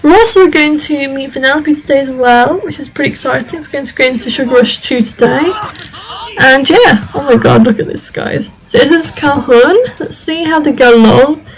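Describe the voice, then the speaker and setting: Chatty high-voiced woman narrating gameplay. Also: normal speed, low-quality recording. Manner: chatty, rambling, lots of fillers. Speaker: video game creator. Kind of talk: casual gameplay commentary.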